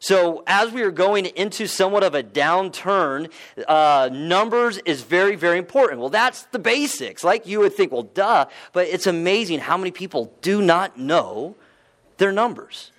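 A man's voice: sits high, animated, normal speed, fairly bright tone. A man giving a casual, conversational talk to a live audience, often asking them questions and using fillers. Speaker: real estate investment speaker.

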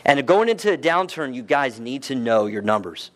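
A man's voice: medium pitch, big pitch swings, moderate pace. A man giving a casual, conversational talk to a live audience, often asking them questions and using fillers. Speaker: real estate investment speaker.

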